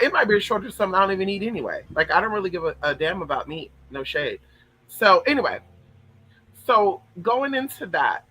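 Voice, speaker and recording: Bright high-voiced man talking spirituality. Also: poor audio. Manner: emphatic, repetitive, talks straight to viewers with frequent "right?" and "y'all". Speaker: spiritual vlogger. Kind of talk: casual spiritual talk to camera.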